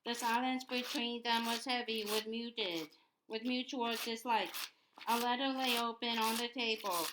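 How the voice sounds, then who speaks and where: A woman reading a novel aloud, halting often and repeating words, in a noisy home recording. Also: a little high, fairly even intonation. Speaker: audiobook reader.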